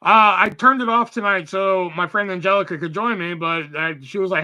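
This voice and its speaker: High, bright-voiced young man. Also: fairly quick, few pauses. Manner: profane, rambling, reads chat aloud. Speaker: livestream host. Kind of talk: casual live stream chat.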